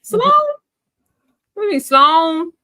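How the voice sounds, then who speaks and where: A woman's voice: extremely high pitch, sing-song, measured pace, sharp tone, no room sound, studio quality. A woman with a Texas accent on a casual TV review panel, giggly and playful.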